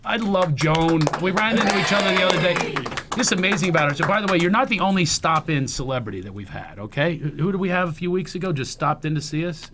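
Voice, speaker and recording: A man's voice: on the high side, animated, noisy background. A man hosting a comedy talk show, joking, telling stories and reading an ad in casual banter. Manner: joking, storytelling, quick asides.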